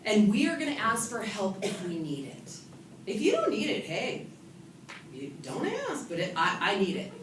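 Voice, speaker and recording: Speaking at normal speed with a medium-pitched voice, a woman from California, an author and event speaker, delivers a funny motivational talk full of lively, self-deprecating personal stories. She's in an event hall with an audience, and the distant-mic recording is echoey and noisy.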